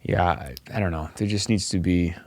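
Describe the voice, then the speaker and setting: A man's voice: deep voice, normal speed, no room sound. A man co-hosting a podcast, talking in a wry, thoughtful way and asking questions. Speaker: podcast co-host. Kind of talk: casual chat.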